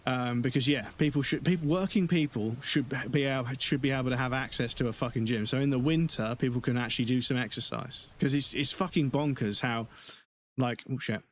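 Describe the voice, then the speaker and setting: A man's voice: mid-range voice, a little hiss or hum. A man chatting frankly and rambling as he streams a game, swearing heavily. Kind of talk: casual chat while gaming on a livestream.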